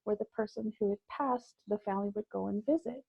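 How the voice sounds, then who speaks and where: Gravelly, husky woman telling a story. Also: medium pitch, dry recording, muffled recording. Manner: reflective, halting with many fillers. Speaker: guest. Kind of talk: personal storytelling in conversation.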